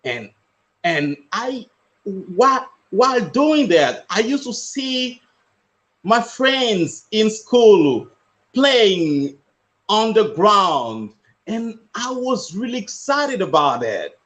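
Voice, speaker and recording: A man from West Africa tells his own story as a motivational speaker. His voice sits high for a man and swings widely in pitch. He speaks slowly and earnestly, and he repeats his key phrases for weight. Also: big pitch swings, fairly bright tone. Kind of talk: personal storytelling.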